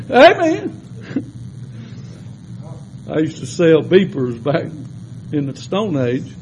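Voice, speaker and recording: A man preaching a sermon in a folksy storytelling way, shifting between loud exhortation and quiet asides. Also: on the high side, animated, very slow, long pauses, slight background noise, rough recording.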